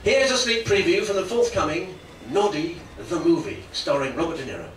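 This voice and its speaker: A man doing stand-up comedy, jokey and lively, often slipping into put-on voices. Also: sits high, brisk, slight background noise. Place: comedy club stage. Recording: roomy club sound from far off. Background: audience laughter.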